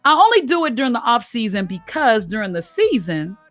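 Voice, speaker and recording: A woman's voice: fairly high pitch, a little fast, no room sound, soft background music. Chatty woman podcast host. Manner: lively, talkative, laughs often. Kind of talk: casual interview chat.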